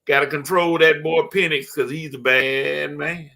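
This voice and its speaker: A man's voice: a little high, fairly even intonation, measured pace, vocal fry, sharp tone. A man co-hosting a casual sports talk show in an easygoing way, reading out listener comments. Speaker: co-host.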